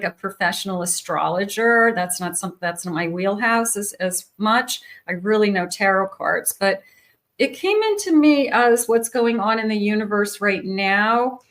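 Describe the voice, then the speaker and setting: A woman's voice: medium pitch, fairly bright tone. A woman psychic giving a tarot reading to her viewers, soothing and meandering, often restarting her sentences. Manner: slow, soothing, searching for words with many restarts.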